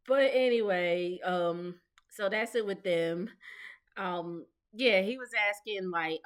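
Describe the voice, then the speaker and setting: A woman's voice: mid-range voice, slow pace, clear, resonant tone. Chatty woman in her thirties. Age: 30s. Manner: chatty and gossipy, laughs often, mimics the cast. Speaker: recap vlogger. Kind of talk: casual reality TV recap.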